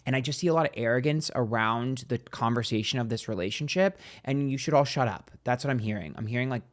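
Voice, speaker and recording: A man's voice: medium pitch, fast. A man giving a casual psychic tarot reading, rambling and hesitant, turning emphatic and profane.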